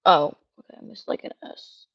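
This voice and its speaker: Feminine-sounding streamer ranting, swears a lot, answers chat, muffled dry mic. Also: female voice, normal speed, no echo. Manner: rambling, curses, reads chat questions aloud. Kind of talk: casual ranting livestream.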